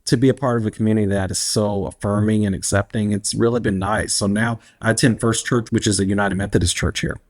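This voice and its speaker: A man, speaking as an interview guest in a reflective, unhurried way and laughing easily. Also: on the low side, fairly even intonation. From Alabama, US. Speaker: guest, activist. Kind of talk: casual interview conversation.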